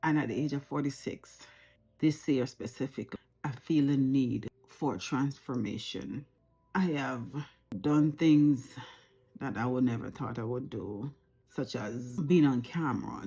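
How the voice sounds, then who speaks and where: A woman's voice: very deep voice, measured pace, dark tone, slightly rough. A Jamaican woman in her forties, talking reflectively and earnestly to camera at home, repeating phrases for emphasis. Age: 40s. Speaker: vlogger. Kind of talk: unscripted personal talk to camera.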